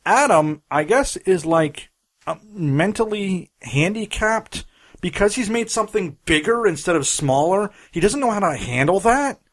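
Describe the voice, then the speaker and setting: A man co-hosting a podcast, recapping a movie in casual, animated chat with fillers. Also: high-pitched, measured pace. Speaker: podcast co-host.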